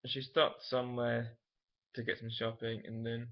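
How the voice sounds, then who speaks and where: A man's voice: medium pitch, completely flat delivery, unhurried, lo-fi sound. Young man rambling through a personal story. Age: late teens. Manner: rambling, many fillers and self-corrections, candid. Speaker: vlogger. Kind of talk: casual personal storytelling to camera.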